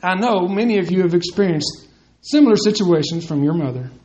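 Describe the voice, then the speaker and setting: High-voiced preacher addressing the men. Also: male voice, animated, brisk, a little mellow, dull audio, slight background noise. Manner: conversational, addresses the men directly, acts out quotes. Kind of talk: sermon with scripture reading.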